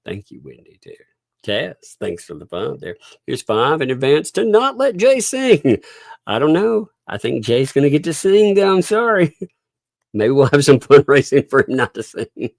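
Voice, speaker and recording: With big pitch swings and an unhurried, creaky delivery at medium pitch, a middle-aged man hosts a casual livestream, reading donations and thanking donors through frequent chuckles. The clean studio sound has no echo.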